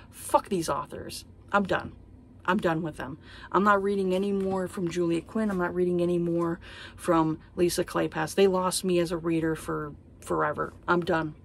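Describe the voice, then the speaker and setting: A husky-voiced woman in her thirties rants on her book vlog, exasperated and swearing freely. Her pitch leaps high when she gets indignant, then sinks low and flat as she vents her disappointment. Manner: heated, profane, exasperated. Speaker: book vlogger. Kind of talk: casual ranting monologue.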